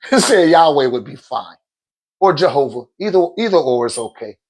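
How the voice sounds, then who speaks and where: Guy on a phone live, kinda high voice, preachy and slangy, laughs a lot. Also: sing-song, normal speed, a little mellow, husky. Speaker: livestream host. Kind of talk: casual livestream talk.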